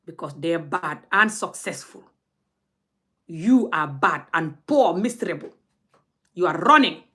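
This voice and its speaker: A woman's voice: lowish voice, bright, forceful tone. A young woman, scolding her audience in a blunt, heated rant straight to camera. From Gambia. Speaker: vlogger.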